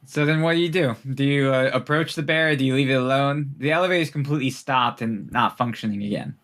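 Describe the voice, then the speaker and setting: A young man serves as game master for a tabletop game, running it loosely and casually. He narrates with lots of fillers and laughs easily between lines, his mid-range voice quick and fairly bright.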